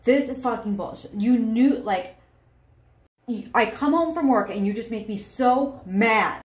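A woman playing an angry, hostile partner who shouts, swears and turns every complaint back with sarcasm. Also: a little high, a little slow, close to an everyday voice. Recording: roomy echo.

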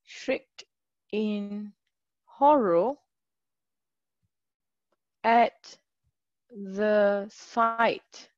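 A woman's voice: mid-range voice, drawn-out words, pauses often, no room sound, lo-fi sound. A woman tutoring English in a live online class, chatty and encouraging, greeting students by name.

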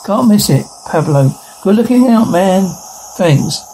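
A man reading a horror comedy episode aloud, speaking the dialogue and flatly reading out the sound cues in between. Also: high-pitched, measured pace, slight background noise, low-quality recording.

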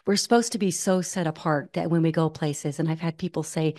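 A woman guest telling stories in an earnest, animated way, acting out the voices she quotes. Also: on the low side, moderate pace, hardly any pauses. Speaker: guest, ultramarathon runner. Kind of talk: conversational storytelling.

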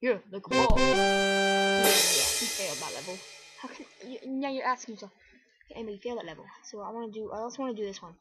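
A woman giving let's play commentary on a game, muttering to herself and breaking into excited yelps and exclamations. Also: medium pitch, fairly quick, over loud music, low-quality recording. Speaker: gamer.

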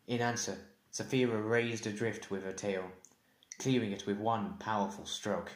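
Low-voiced male audiobook narrator. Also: steady tone, normal speed. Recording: echoey room.

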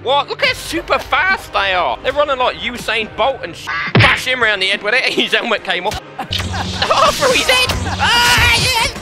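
A man commenting as he plays a VR game, laughing and shouting often, with music playing behind him. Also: extremely high pitch, sing-song, normal speed. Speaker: gaming YouTuber.

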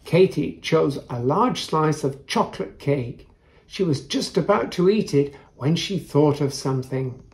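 A man reading a picture book aloud to children, gentle and showing the pages. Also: a little high, animated. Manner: gentle, unhurried, shows the pages. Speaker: storyteller.

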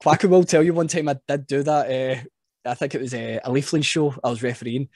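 A wrestling referee guest tells stories in a casual chat, an animated storyteller who laughs at himself. His mid-range voice moves briskly, and the recording is clean studio sound with no echo.

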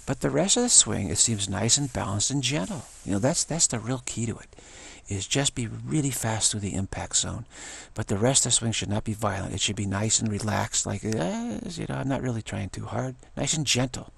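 A man talking in a loose, rambling monologue, repeating himself and restarting words, getting animated when excited. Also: on the low side, brisk, vocal fry, breathy edge, dry recording.

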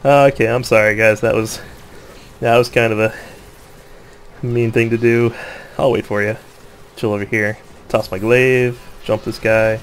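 A man's voice: medium pitch, measured pace, long pauses, a little hiss or hum. Laughing, joking young gamer man. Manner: laughs often, excitable, joking, self-mocking. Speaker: gamer commentating his own play. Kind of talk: casual gameplay commentary.

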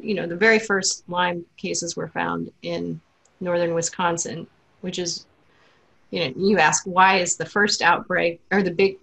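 A woman's voice: on the low side, gravelly, fairly bright tone, poor audio. A woman science writer answering audience questions in a webinar, earnest and worried, talking loosely with fillers over a video call. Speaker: science writer and author guest.

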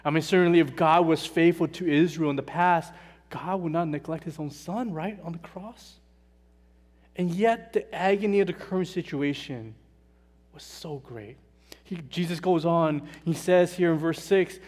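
A man with a fairly high voice preaches with slow, earnest emphasis, his voice going quiet on the hardest words. He stands in a church, and a long hall reverb trails behind each phrase. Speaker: pastor. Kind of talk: sermon. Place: church sanctuary.

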